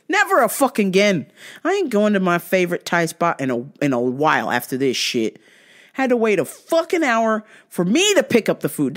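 A woman hosting a podcast, ranting bluntly and casually, swearing constantly. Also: medium pitch. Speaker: podcast host. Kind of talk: casual profane rant.

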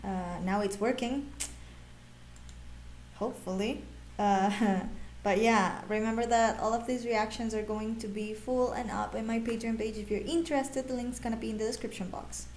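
A woman's voice: fairly high pitch, fairly even intonation, moderate pace, a little mellow, slight background noise. A woman hosting a reaction video, chatting casually, laughing often and exclaiming at what she watches. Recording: echoey room with music playing behind.

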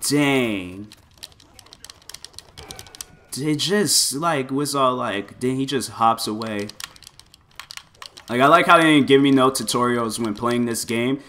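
Excitable man commenting on a fighting game. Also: medium pitch, slow, long pauses, slight background noise. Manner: excitable, loose, frequent exclamations and filler words. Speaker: gameplay commentator. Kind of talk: casual gameplay commentary.

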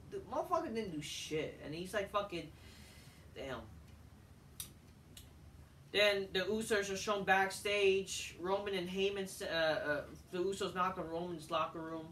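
A man rants through a casual wrestling show review, cursing freely and circling back to the same points. His voice is bright and sharp, and it sits back from the mic in an echoey room with a faint hum behind it. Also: high-pitched, far from the mic. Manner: profane, ranting, repeats himself. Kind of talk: casual solo review rant.

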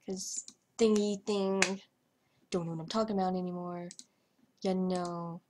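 A woman's voice: on the low side, flat delivery, a little slow, noisy background. A young woman vlogger talking over her gameplay in a hyper, rambling way, trailing off and stuttering as she goes. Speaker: gaming vlogger. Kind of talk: casual commentary over gameplay.

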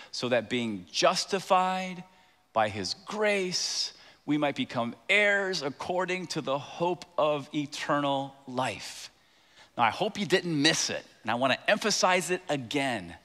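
In a church sanctuary, a pastor preaches a sermon emphatically, often putting questions to the congregation. His voice is a little high with a sharp tone, and the recording carries the long reverb of a church hall.

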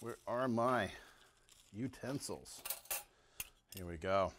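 A man's voice: fairly low pitch, slow pace, a bit bright, a little hiss or hum. A middle-aged man hosting a home cooking show, demonstrating recipes in his kitchen and relishing every bite with lots of mm and wow. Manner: enthusiastic, savoring food aloud with lots of mm and wow.

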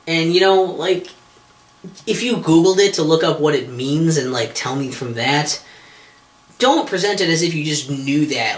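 A podcast host with a voice on the high side and a bit bright rambles comedically, swearing a lot, sounding exasperated, and constantly restarting with fillers. The room gives the recording a noticeable echo.

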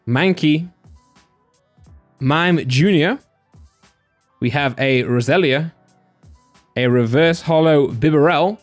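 A man hosting a casual card-opening video, chatty and excitable, with plenty of "like" and "you know" fillers. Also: fairly high pitch. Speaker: card-opening channel host. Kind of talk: casual pack-opening commentary.

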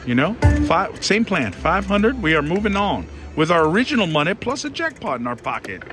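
Animated man pleading with a slot machine. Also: sits high, brisk. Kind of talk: excited live commentary while playing slots. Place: casino. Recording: loud casino slot machine music behind. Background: slot machine music.

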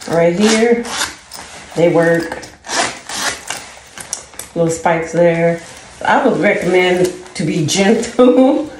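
A woman talks slowly in a somewhat low voice, rambling and giggling through a casual try-on vlog. The room sounds echoey, with a faint hum of ambient noise behind her. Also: a little mellow. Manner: chatty, rambling, giggly asides. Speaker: vlogger. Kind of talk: casual try-on haul chat. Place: home room at dusk.

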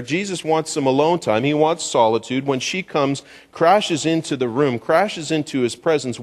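A male pastor preaching a sermon in a conversational way, asking the congregation questions as he goes. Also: medium pitch. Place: church sanctuary. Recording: church hall reverb.

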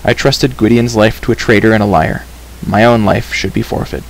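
A man's voice: on the low side, steady tone, normal speed, creaky, a little hiss or hum, rough recording. A man voicing a grieving young hero who speaks in a stern, bitter way, in a storybook reading.

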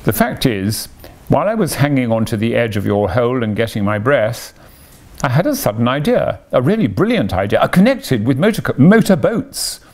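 A man voicing a boastful, excitable male toad with a pompous manner in a read-aloud storybook. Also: mid-range voice, a little fast, close to an everyday voice. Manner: pompous, then self-pitying.

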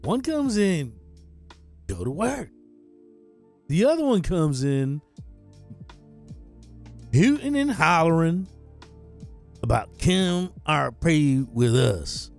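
Hyped streamer dude, kinda high voice, swings all over, faint music behind. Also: male voice, slow, vocal fry, pauses often. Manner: excitable, swears, keeps saying "dude". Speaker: live streamer. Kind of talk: casual gaming live stream chat.

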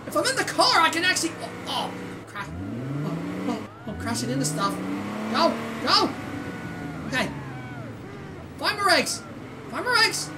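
A woman from Canada hosting a gaming channel, giving excitable let's-play commentary with squeals, shouts and laughter. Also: sits high, unhurried, long pauses. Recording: distant mic with loud game noise.

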